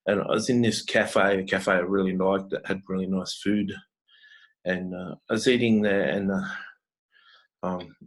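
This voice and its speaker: An Australian man vlogging, telling a personal story in an earnest, halting way with many restarts. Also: sits low, rough recording.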